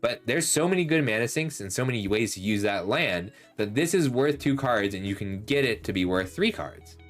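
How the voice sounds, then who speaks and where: A host reviewing game cards talks through a set in a lively, rising-and-falling voice at medium pitch and moderate pace, chatty and analytic, full of ums and fixing his own wording. He's slightly losing his voice, which sounds a bit worn, and faint music plays underneath.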